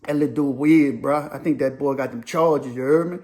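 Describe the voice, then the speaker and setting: A man voicing a scornful male inmate who speaks in low, dismissive slang. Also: brisk, a little mellow, close to an everyday voice.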